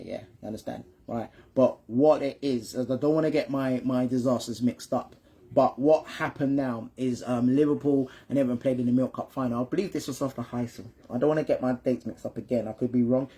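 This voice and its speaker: Husky-voiced man chatting with his son. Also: mid-range voice, dark tone. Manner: keeps checking in with "right?" and "you understand me?"; repeats and restarts words when stumbling. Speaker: father and channel host. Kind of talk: casual history chat with his son.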